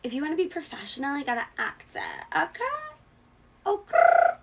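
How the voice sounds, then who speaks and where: Very animated and quick, this show host delivers sassy, mock-indignant comedy and swears without holding back. Her voice is creaky and fairly bright, cracking as it rises.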